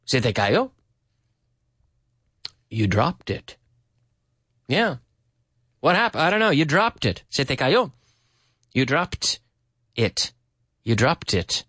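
A man teaching English on a radio show from a studio, chatting, laughing often and repeating phrases slowly for learners. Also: mid-range voice, big pitch swings, a bit bright, husky, no room sound. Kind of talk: radio English lesson with translation drills.

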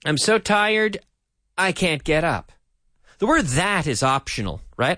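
A man hosts a radio language lesson with a fairly high voice that swoops up and down as he drills sentences. He repeats each line slowly and clearly for his listeners, close to a dry studio microphone. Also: sing-song, pushed and bright, dry recording. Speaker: radio English teacher.

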